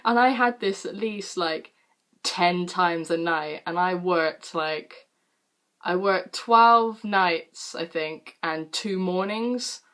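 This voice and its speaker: A British woman in her late teens telling a story to camera in a casual, animated way, with lots of fillers and casual swearing. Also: on the low side, slow pace. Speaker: vlogger.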